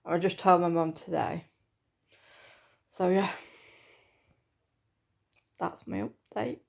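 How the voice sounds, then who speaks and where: A woman's voice: on the low side, expressive, slow pace, vocal fry. A woman in her thirties giving a chatty, hesitant personal vlog update with lots of fillers. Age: 30s. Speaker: vlogger.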